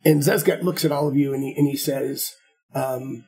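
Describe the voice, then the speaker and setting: A man narrating as game master of a tabletop game, halting and repeating words as he goes. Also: medium pitch, steady tone, warm tone, slightly rough.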